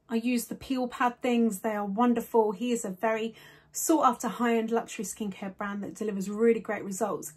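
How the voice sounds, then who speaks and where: A woman's voice: a little high, breathy edge. A woman beauty vlogger hurrying through a chatty product review, out of breath and gushing with enthusiasm. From United Kingdom. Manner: bubbly, rushed and enthusiastic.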